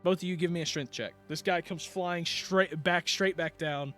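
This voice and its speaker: Man, game master, rambling narration, lots of fillers, somewhat high, bright voice. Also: steady tone, moderate pace, soft background music.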